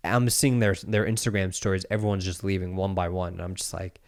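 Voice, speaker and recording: Guy with a lowish smooth voice, chatty, tells a wild story and does everyone's voices. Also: fairly quick, no echo, clean studio sound. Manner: animated storyteller, acts out quoted voices. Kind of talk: casual chat, storytelling.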